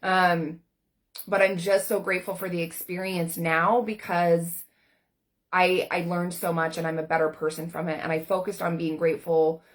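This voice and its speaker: A woman in her forties with a slightly low voice shares a personal story to camera. She coaches people for a living and speaks in an earnest, candid, conversational way, full of casual fillers. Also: flat delivery, moderate pace. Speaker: life coach.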